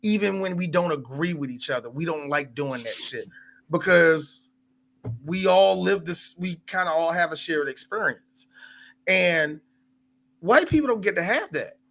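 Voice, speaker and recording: A man co-hosting a podcast, talking in heated, profane bursts that swing up and down in pitch. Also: lively intonation, a little slow, gravelly, fairly bright tone, highs cut off. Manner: impassioned, profane, sweeping in pitch. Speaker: podcast co-host. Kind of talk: heated casual discussion.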